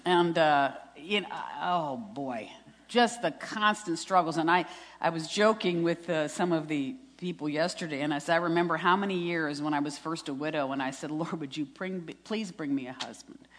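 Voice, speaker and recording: In a hall with long reverb, a middle-aged woman at a women's retreat gives a heartfelt testimony sermon, citing scripture and chuckling at her own expense. She has a deep voice and talks at an ordinary pace.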